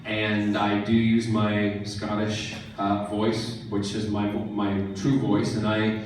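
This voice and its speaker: A man answering fans' questions at a convention panel, joking and animated. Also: on the low side, takes it slowly, distant mic, slight background noise. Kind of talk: casual Q&A with fans. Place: large convention hall. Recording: echoey hall, mic from afar.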